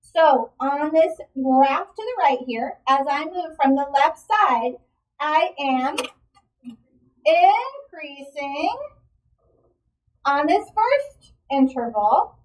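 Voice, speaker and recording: A woman's voice: sits high, animated, takes it slowly, distant mic, poor audio. A woman teaching a math lesson, asking the class questions and encouraging the students' answers. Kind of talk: classroom lecture.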